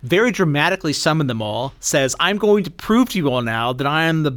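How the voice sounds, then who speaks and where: A man co-hosting a podcast in casual, excitable chat, sometimes swearing. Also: on the high side, brisk. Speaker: podcast co-host.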